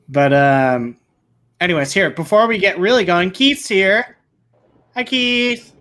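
A man hosting a casual podcast, talking in an unhurried, drawn-out way. He gets excitable and rambles, restarting his sentences as he goes along. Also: high voice. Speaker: podcast host. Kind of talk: casual pop-culture chat.

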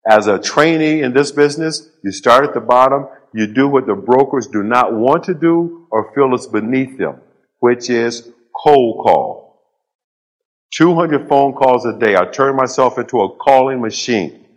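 A middle-aged man giving a motivational storytelling speech on stage before a live audience, in short punchy phrases with dramatic pauses and dry humor. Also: medium pitch, expressive. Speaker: public speaker.

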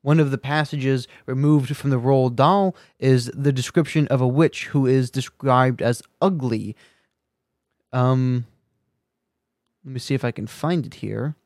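A man's voice: mid-range voice, a little slow, darkish tone, no room sound, clean studio sound. A man giving an earnest, argumentative opinion monologue at home, thinking aloud as he goes. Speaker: commentator. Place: room at home with a bookshelf.

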